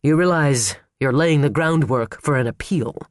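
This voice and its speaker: A man voicing a cool, controlled male defense lawyer with a smooth, menacing manner, in an audiobook. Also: on the high side, normal speed, no echo, studio quality, lightly acted. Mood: coolly menacing.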